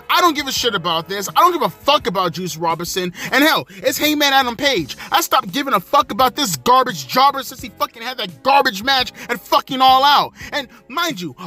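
A young man rants about a wrestling show with a very high, sharp voice. He is angry and sarcastic, and he swears constantly. Faint music plays in the background. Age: young adult. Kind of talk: profane ranting show review.

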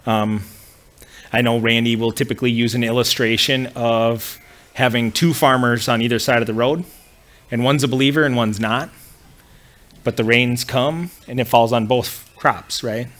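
Male pastor, mid-range voice, conversational teaching, relaxed restarts. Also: medium pitch, moderate pace. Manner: conversational, with frequent fillers and restarts. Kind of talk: teaching a church class.

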